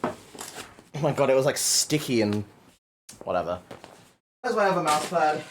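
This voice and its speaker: A man's voice: medium pitch, very animated, normal speed, slight background noise. A male livestreamer chatting casually to his viewers, exasperated and swearing a lot as he cleans up.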